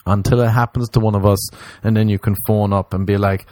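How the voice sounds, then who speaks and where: A man's voice: fairly low pitch, level tone, a little fast, darkish tone, no room sound. A man hosting a comedy podcast, rambling through a silly monologue and slipping into playful voices.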